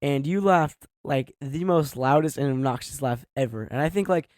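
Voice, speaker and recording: A man's voice: mid-range voice, normal speed, a little mellow, no echo, clean studio sound. A man co-hosting a podcast in casual chat, telling stories in an easygoing, giggly way. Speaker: podcast co-host.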